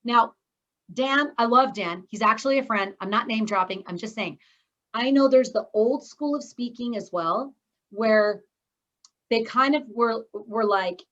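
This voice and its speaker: A woman speaking coach teaches an online course over a video call. She talks fast and then stops short to lean on key words. Her mid-range voice comes through slightly dull, lo-fi call audio. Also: fairly high pitch, fairly bright tone. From Scotland. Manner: fast-talking, with sudden pauses and stressed words.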